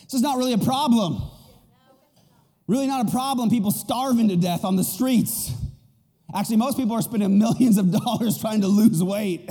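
Joking, animated pastor preaching in a hall. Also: male voice, high voice, normal speed. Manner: animated and joking, asks the crowd "right?". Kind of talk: sermon. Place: church auditorium.

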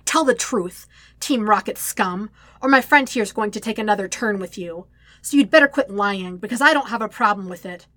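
A woman's voice: mid-range voice, normal speed, fairly bright tone, no room sound, natural voice. A woman voicing a bitter young man who speaks coldly and cruelly in a hiss. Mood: cold anger. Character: cold, furious young man with a grudge. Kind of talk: audiobook reading.

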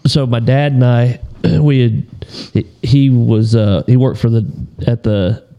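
A man co-hosting a casual podcast, talking haltingly with frequent restarts. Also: mid-range voice, steady tone, mellow, highs cut off. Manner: halting, restarts often, coughs. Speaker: podcast co-host. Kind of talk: casual chat.

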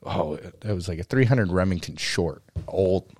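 A man's voice: sits low, lively intonation, normal speed, a little mellow, husky, no room sound, clean studio sound. A young man co-hosting a podcast, telling a long story in a rambling, casual way with lots of "you know" and "uh". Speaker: podcast co-host.

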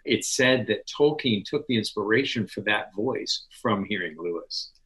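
A man who is a podcast guest and literature scholar, telling stories in an animated, knowledgeable way. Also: fairly low pitch, normal speed, low-quality recording. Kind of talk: conversational interview.

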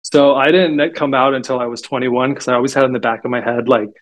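Guy on a podcast rambling through stories, pretty monotone, lots of "like". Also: mid-range voice, fast talker. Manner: chatty storytelling, frequent "like" fillers. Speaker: podcast guest. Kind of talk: casual interview talk.

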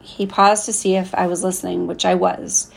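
Woman narrating a story, gravelly. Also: on the low side, little pitch movement, moderate pace. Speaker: audiobook narrator. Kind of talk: scripted narration.

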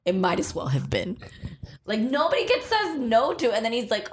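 A woman's voice: a little high, a little fast. A woman co-hosting a podcast in casual chat, telling stories and acting out what people said. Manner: animated storyteller who acts out quotes. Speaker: podcast co-host.

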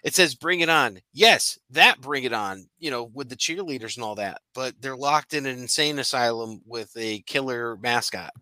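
Bright, laughing podcast co-host, a man. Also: mid-range voice, animated, moderate pace, hardly any pauses, no echo. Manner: laughing, profane, rambling with restarts. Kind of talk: casual chat.

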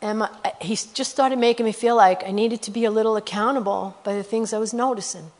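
This missionary speaker, an earnest woman with a somewhat high, slightly mellow voice, gives a conversational sermon on missionary work with fairly even intonation. She frequently checks in with listeners using "you know" and "okay?" and reads verses at a quick clip.

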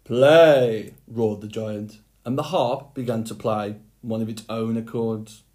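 Slow, low-voiced male storyteller. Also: fairly even intonation, a little mellow. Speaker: storybook reader. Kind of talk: scripted fairy tale narration.

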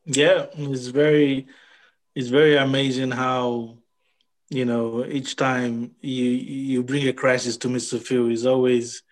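A man's voice: mid-range voice, level tone, slow. A man talking casually and with amusement, repeating advice he has heard. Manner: amused, recounting advice with repetition. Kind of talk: casual talk.

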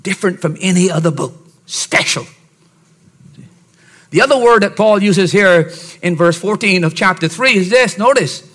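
A male pastor preaching a sermon with emphasis, dropping to soft asides and rising to shouted points, often asking his listeners "See?". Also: high voice, moderate pace, long pauses. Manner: keeps checking on listeners with "See?".

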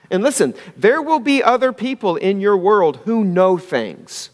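A man's voice: high voice, animated, unhurried, hardly any pauses, long reverb tail. A man preaching a sermon as pastor, talking in a conversational way and often asking the congregation if they follow him.

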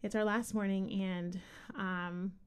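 A woman's voice: mid-range voice, little pitch movement, takes it slowly, clear, resonant tone. A woman hosting a faith podcast, asking questions and sharing stories in a chatty way. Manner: chatty, with frequent fillers and restarts. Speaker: podcast host. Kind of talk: casual faith podcast chat.

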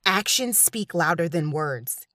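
Woman doing a bible talk, low voice that swings up and down a lot, earnest. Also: expressive, takes it slowly, bright, forceful tone, no echo, studio quality. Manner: earnest, emphatic, quotes scripture. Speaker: Christian speaker. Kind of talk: scripted devotional talk.

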